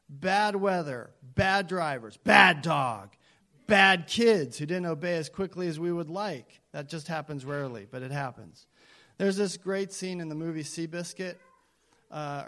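A man's voice: fairly high pitch, a bit bright. A man preaching a conversational sermon to his congregation, with self-deprecating asides and emphatic repetition. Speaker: pastor.

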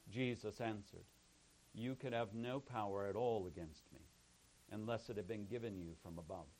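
A male pastor reading a scripture passage aloud in a measured, solemn way, then praying and beginning his sermon. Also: on the low side, a little mellow, low-quality recording.

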